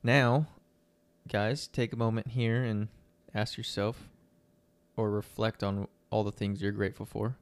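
A man's voice: fairly low pitch, unhurried, no echo. A young man co-hosting a podcast, chatting casually with fillers and reading news articles aloud. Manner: relaxed, rambling with fillers. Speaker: podcast co-host.

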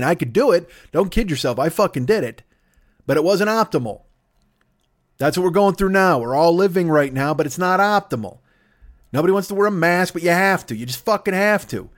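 Fast, profane ranting podcast man. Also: fairly high pitch. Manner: profane, rambling, exasperated. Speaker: podcast host. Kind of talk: comedic rant.

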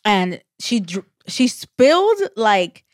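A woman's voice: medium pitch, very animated, slow pace, no echo, clean studio sound. A young woman co-hosting a podcast in casual chat, rambling with lots of "like", restarts and freely dropped swear words. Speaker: podcast co-host.

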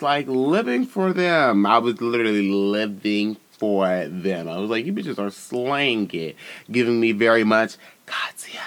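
A man's voice: on the low side, a bit bright. Sassy, profane man recapping a show. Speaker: podcast host. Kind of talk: casual reality-show recap.

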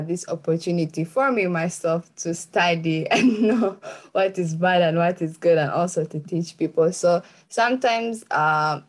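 Woman with a low voice, chatty church teaching. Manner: chatty, laughs often, many fillers like "like" and "you know". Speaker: Christian youth teacher. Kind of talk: informal church teaching talk.

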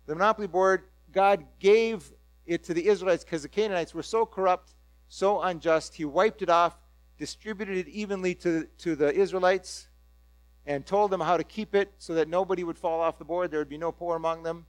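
A man preaching a sermon in a storytelling manner, acting out the crowd's eager reactions in lively bursts. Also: high-pitched, normal speed, no echo.

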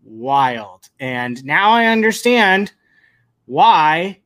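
A man hosting a casual podcast, talking in an unhurried, drawn-out way. He gets excitable and rambles, restarting his sentences as he goes along. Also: on the high side. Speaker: podcast host. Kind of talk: casual pop-culture chat.

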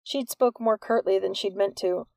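Woman audiobook narrator, steady storytelling, gravelly voice, dry close recording. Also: medium pitch, moderate pace, dry recording. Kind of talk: scripted narration.

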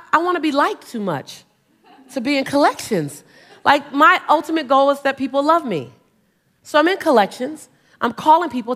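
Woman in her 40s doing a motivational keynote, fired up, funny stories, keeps asking the crowd to answer back, voice sits a bit high. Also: a bit bright. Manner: humorous storytelling, call-and-response with the crowd; fervent, rousing exhortation. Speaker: motivational speaker. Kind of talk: keynote speech to a live audience.

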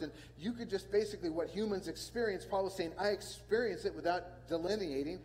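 Pastor, male, fairly high voice, earnest sermon delivery with lots of repetition, long hall reverb. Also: brisk, hardly any pauses, darkish tone. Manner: earnest, repeats words and phrases for emphasis.

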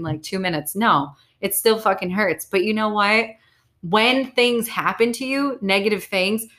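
A woman's voice: medium pitch, a bit bright. A young adult woman hosting a podcast alone, talking in a casual, blunt and profane way about staying positive. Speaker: podcast host. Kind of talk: casual solo podcast monologue.

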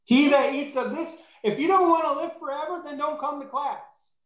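A man's voice: extremely high pitch, normal speed, fairly bright tone. A man preaching a sermon in an emphatic way, rising to fervent peaks. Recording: echoey room.

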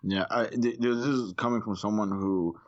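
A man chatting casually on a podcast, telling stories in a rambling way and often clearing his throat. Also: lowish voice, fairly even intonation, moderate pace. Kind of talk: casual chat. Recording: dull lo-fi sound.

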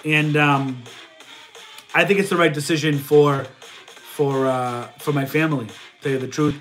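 High voiced guy doing a chatty live stream q&a, stuffy nose, little bit of music underneath. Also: steady tone, a little slow, fairly bright tone. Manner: chatty, reads viewer questions aloud and answers. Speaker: livestream host and reseller. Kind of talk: casual livestream Q&A.

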